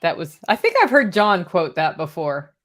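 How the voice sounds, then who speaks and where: A woman hosting a relaxed livestream conversation, chatty and quick to laugh. She asks questions and chimes in with short remarks. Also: lowish voice. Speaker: host.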